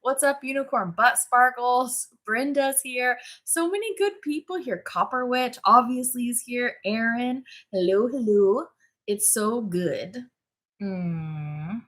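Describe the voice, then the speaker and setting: A woman's voice: a little high, slow, fairly bright tone. A woman hosting a casual livestream, tired and yawning, chatting loosely, laughing often and greeting viewers. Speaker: livestream host. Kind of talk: casual live chat.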